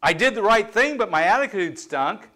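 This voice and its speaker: Candid, high-voiced preacher man. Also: moderate pace. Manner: candid, self-deprecating, conversational preaching with lively swings in pitch and volume. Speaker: pastor. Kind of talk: sermon.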